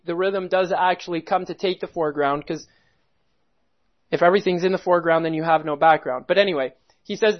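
Earnest preacher, muffled lo-fi recording. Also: male voice, high-pitched. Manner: reads quotes aloud and comments on them earnestly; emphatic, repeats key phrases. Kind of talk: sermon teaching from a reading. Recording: dull lo-fi recording.

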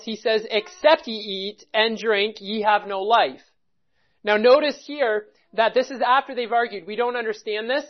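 A preacher giving a verse-by-verse Bible teaching, speaking in an emphatic, methodical way and stopping to stress key words. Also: medium pitch. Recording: dull lo-fi recording.

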